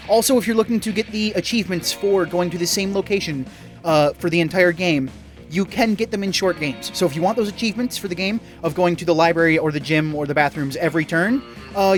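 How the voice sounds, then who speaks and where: A man commenting on a game, reading the text aloud with a jokey, profane, laughing manner. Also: high-pitched. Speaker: gamer. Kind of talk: let's play commentary.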